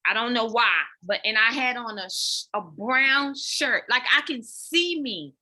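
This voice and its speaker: A woman with a fairly high, bright and forceful voice tells her own story on a podcast interview. She is animated and open, talking straight to the listeners with "y'all" and stumbling over repeated words when the memory hits. It sounds like candid, heartfelt storytelling. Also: unhurried. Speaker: podcast guest, dance fitness coach.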